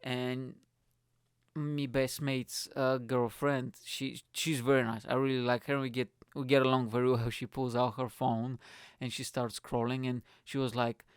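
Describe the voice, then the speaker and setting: A young man, a comedian hosting his own podcast, telling a story in a rambling, swearing way and acting out his friends' lines in higher voices. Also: level tone, a little slow, clear, resonant tone, no room sound, clean studio sound. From not from the UK, moved there at 21. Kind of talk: casual storytelling monologue.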